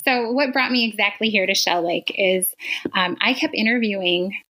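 A woman in her forties from Wisconsin, a teacher telling her story as a guest in a casual interview, earnest and quick to laugh. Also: mid-range voice, pushed and bright, low-quality recording.

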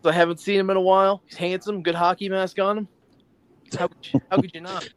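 A man's voice: high voice, quick pace, clean tone, no echo. A man talking casually as a podcast guest, laughing often and swearing as he tells stories. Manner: laughing, swearing, animated storyteller. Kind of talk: casual chat.

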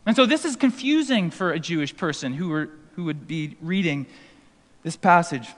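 A pastor delivers a sermon with lively storytelling, briefly voicing the people in the passage. His voice sits a little high for a man. A long reverb trails each phrase, as in a big hall. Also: brisk. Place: school auditorium used for worship.

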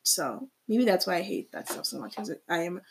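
A young woman co-hosts a relaxed podcast conversation. She tells a story in a loose, casual way and fills it with "like". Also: fairly low pitch, moderate pace, slight background noise. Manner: casual storytelling, many "like" fillers. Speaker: podcast co-host. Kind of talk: casual chat.

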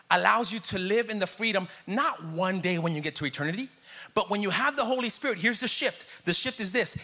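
A man delivers a sermon with a high, bright voice. He talks in a loose, conversational way, jokes with the congregation and calls out for responses. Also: breathy edge. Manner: conversational and jokey, calling out to the congregation. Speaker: pastor.

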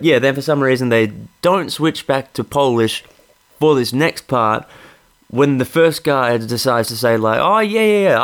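A young Australian man telling a comic story in a monologue, sweary, exasperated and laughing as he goes. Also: on the low side.

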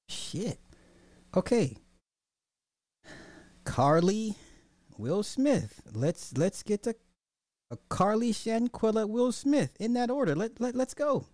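A man hosting a podcast, giving casual, animated commentary with joking exclamations. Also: high-pitched, slow pace, pauses often. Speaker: podcast host.

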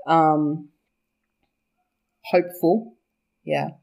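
A woman's voice: low voice, fairly even intonation, drawn-out words, vocal fry, a little mellow. A young woman, chatting casually about her book's characters, laughing often, swearing and correcting herself as she goes. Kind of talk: casual chat.

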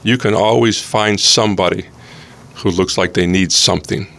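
A man's voice: low-pitched, steady tone, moderate pace, fairly bright tone. A middle-aged man, a pastor and coach, telling an earnest story in casual conversation, often repeating words as he starts.

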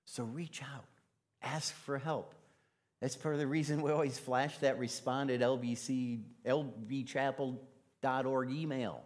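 Man, preacher, relaxed sermon, chatty, filler words, in church. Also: mid-range voice, a little slow. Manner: casual, chatty, with many fillers. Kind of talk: conversational sermon.

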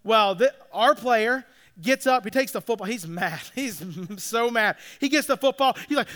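A man's voice: very high-pitched, normal speed, sharp tone. A man who coaches youth flag football and is a father, telling a story casually and checking in with his listeners as he goes. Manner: chatty, checks in with listeners with "all right?" and "like".

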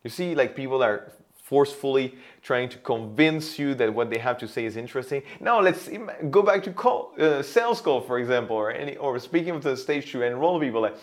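A man teaching how to place the voice for sales, explaining with a pen example in an animated way. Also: mid-range voice, a little fast. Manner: animated, demonstrates loud and whispered voices. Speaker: voice and sales coach. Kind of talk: teaching monologue.

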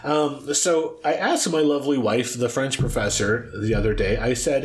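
A middle-aged man in relaxed podcast chat, teasing his co-host with a multiple-choice quiz. His voice sits in an ordinary middle pitch, and he talks in an easy, jokey way. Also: moderate pace. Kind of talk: casual chat.

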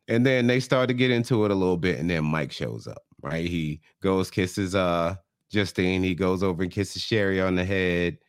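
Low-voiced man retelling with relish. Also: clear, resonant tone, no echo, studio quality. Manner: animated retelling, acting out the people in the show in quick put-on voices. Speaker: podcast co-host. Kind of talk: casual comedic recap chat.

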